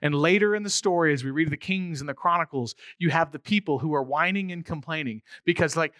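A man preaching a sermon to his congregation. His delivery is animated, and he rises to near-shouts for emphasis. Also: fairly high pitch, a little fast, no room sound. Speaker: pastor.

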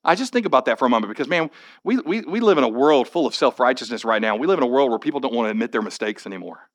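A man preaching a sermon as pastor, conversational and plain-spoken, building to animated, rising passages. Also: medium pitch, very fast.

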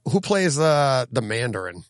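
A man co-hosting a casual podcast chat, animated and laughing, jumping to a high teasing voice when excited. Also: unhurried, no echo, clean studio sound. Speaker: podcast co-host.

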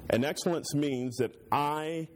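A man's voice: a little high, a little slow, a little hiss or hum. A male pastor teaching a church Bible class in a conversational, joking way, using homey stories to make his points.

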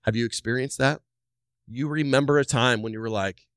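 A man preaching a sermon as a pastor, animated, acting out the voices of church members. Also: mid-range voice, brisk, clean tone, dry recording, studio quality.

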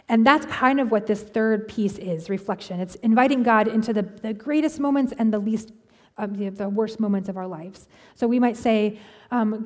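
Woman pastor, chatty sermon delivery with fillers, slightly high voice, long hall reverb. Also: a little fast. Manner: conversational, frequent fillers and restarts.

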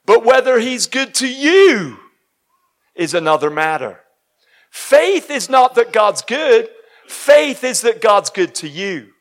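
Male preacher, high voice, emphatic sermon delivery with shouted peaks. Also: very animated, slow pace.

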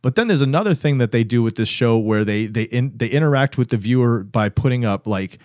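Brief: relaxed male co-host, dry close sound, says "dude" a lot, acts out lines. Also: brisk, no echo. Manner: loose, animated, acts out quotes in high voices. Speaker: podcast co-host. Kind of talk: casual chat.

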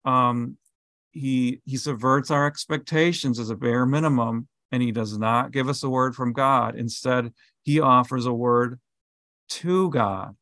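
A man's voice: mid-range voice, a little slow, no room sound. A male podcast co-host explaining scripture in a casual way, full of fillers and everyday analogies. The recording is dry and close, with almost no room sound. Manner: animated explainer, with many fillers and vivid analogies. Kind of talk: bible study conversation.

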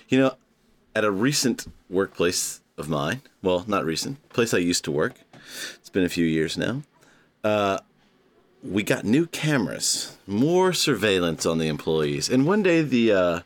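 Male podcast host, low register and very expressive pitch; playful, casual, drawn-out emphasis. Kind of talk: casual comedic podcast talk.

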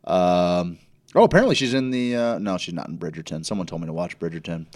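Male host, low voice, loose and crude casual chatter. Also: lively intonation, quick pace, darkish tone. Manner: rambling, crude, self-interrupting. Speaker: podcast host. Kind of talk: casual chat.

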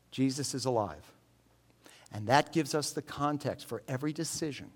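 Animated joking male preacher. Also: fairly high pitch. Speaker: pastor. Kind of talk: sermon.

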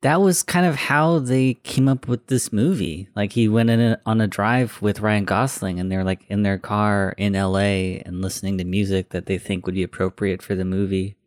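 A man co-hosting a casual movie podcast, relaxed and chuckling as he retells scenes. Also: on the low side, moderate pace, few pauses, dry recording, studio quality. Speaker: podcast co-host.

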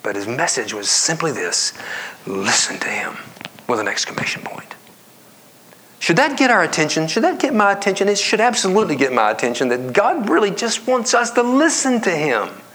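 A male pastor giving a conversational sermon that climbs to emphatic, high-pitched stress and drops to hushed whispers. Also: huge pitch swings, a little fast, few pauses, a little hiss or hum. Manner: conversational preaching, rising to emphatic highs and dropping to whispers.

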